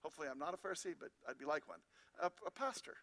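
A man's voice: on the high side, expressive, very fast, a bit bright. A man pastor preaching a sermon, asking the congregation rhetorical questions and reading scripture aloud.

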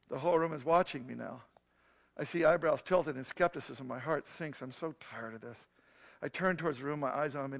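A man's voice: a little high, a little fast, gravelly, fairly bright tone. A man preaching a sermon, telling a story and then teaching in an earnest, emphatic way.

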